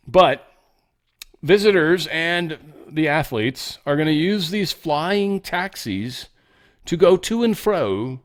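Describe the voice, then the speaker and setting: A man's voice: fairly high pitch, very animated, slow pace. Chatty man hosting a show. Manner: chatty, joking asides, frequent fillers. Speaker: show host. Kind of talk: casual news commentary.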